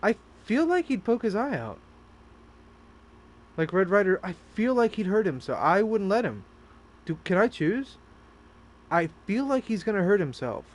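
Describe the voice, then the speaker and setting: A man's voice: high voice, very animated, normal speed, pauses often. Crude, joking male streamer. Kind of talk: casual live-stream commentary. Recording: loud game music behind.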